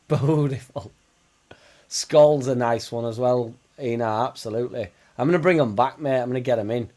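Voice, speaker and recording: A man with a Yorkshire accent hosts a live watchalong stream and reacts to the match as it plays. His voice sits at an ordinary middle pitch. He chats casually with his viewers, with plenty of swearing and banter. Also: brisk, few pauses, darkish tone. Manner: blunt, swearing, chatty banter. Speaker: livestream host.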